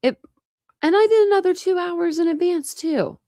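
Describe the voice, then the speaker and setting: Woman, livestream host, rambling casual chat, gravelly fry, dry close sound. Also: very high-pitched, moderate pace, warm tone, no echo. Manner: rambling and chatty, with many fillers and restarts. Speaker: true crime livestream host.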